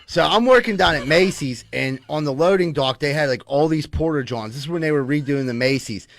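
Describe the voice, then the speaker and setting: A man's voice: a little high, brisk, dry recording. A man from telling crude stories as a podcast co-host, rambling and profane, often asking "you know what I mean.". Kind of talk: casual crude storytelling.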